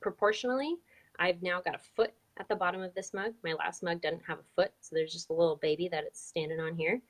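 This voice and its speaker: A woman's voice: lowish voice, steady tone, fast talker. Chatty woman teaching a drawing lesson. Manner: chatty, upbeat, explains step by step. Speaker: drawing instructor. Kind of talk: live online drawing lesson.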